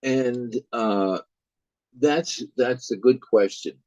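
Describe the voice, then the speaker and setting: A man's voice: medium pitch, extremely slow, a little mellow, no echo, highs cut off. A man teaching a recorded music lecture, speaking hesitantly with frequent fillers. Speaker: music instructor.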